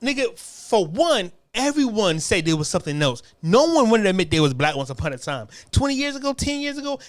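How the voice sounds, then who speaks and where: A man's voice: high-pitched, very animated, brisk. A man from the United States ranting in a casual, profane, rambling way, often stumbling and restarting his sentences. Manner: rambling, repetitive, heated, frequent stammered restarts. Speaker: commentary channel host.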